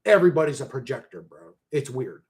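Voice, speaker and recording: A sing-song, mid-range voice moving a little fast belongs to a man in his forties chatting casually on a livestream. He's slangy and profane, laughing often and shifting from mumbles to loud bursts.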